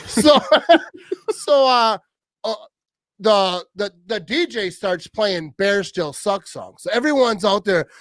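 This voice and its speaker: A man's voice: high voice, lively intonation, takes it slowly, dry recording, clean studio sound. A man, hosting a podcast and telling rambling, crude stories in casual chat, laughing often. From Wisconsin. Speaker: podcast host.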